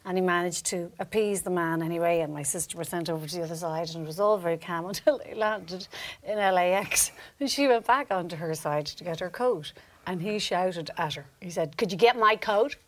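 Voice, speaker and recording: A woman's voice: lowish voice, brisk. A woman on a podcast panel, telling a comic anecdote and acting out the people in it. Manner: animated storyteller, acts out voices and laughs often. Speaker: panel guest.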